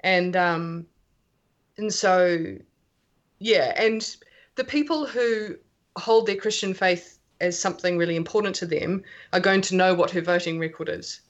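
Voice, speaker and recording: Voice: medium pitch, a little slow, muffled recording. A speaker in a casual podcast chat with a mid-range voice. They hesitate often and lean on fillers as they make their point.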